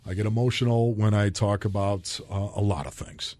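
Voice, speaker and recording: A former football player from Buffalo, New York, appears as a podcast guest, sharing personal stories earnestly and with open emotion. His voice is on the low side and darkish, with fairly even intonation and a normal pace. The recording is dry.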